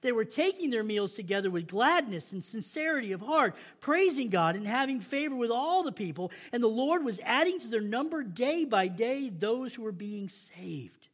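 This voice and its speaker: A man's voice: very high voice, very animated, moderate pace, few pauses, a bit bright, husky. A male pastor preaching a conversational sermon, posing rhetorical questions and playing out his listeners' replies.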